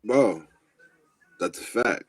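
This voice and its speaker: A man's voice: lowish voice, animated, takes it slowly, slightly rough, dry recording. A man co-hosting a podcast in casual chat, emphatic and ranting, repeating "like, bro" and telling people to stop. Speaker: podcast co-host.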